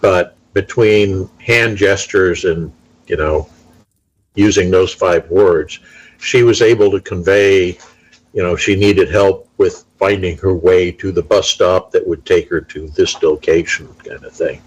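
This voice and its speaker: A middle-aged man in casual conversation, telling stories in a measured, unhurried way. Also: low voice, fairly even intonation, breathy edge, lo-fi sound. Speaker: talk show participant. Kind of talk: casual chat.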